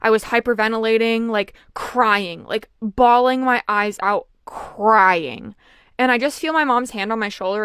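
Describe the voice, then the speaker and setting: A young woman chatting casually as she tells a personal story, with lots of fillers and an animated delivery. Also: on the high side, unhurried, smooth, no echo, clean studio sound. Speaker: vlogger.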